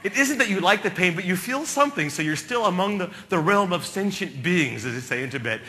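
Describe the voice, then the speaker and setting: Animated bright-voiced male storyteller. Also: high voice, a little fast. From New Jersey. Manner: animated, comic storytelling with sudden loud bursts. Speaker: keynote speaker. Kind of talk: storytelling keynote speech.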